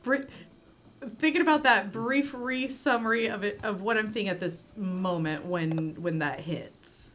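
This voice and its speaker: A woman's voice: medium pitch, a little slow. A woman playing in a tabletop game, chatting casually, often laughing and joking about herself. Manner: giggly, self-deprecating, lively. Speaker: player. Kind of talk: casual tabletop play chat.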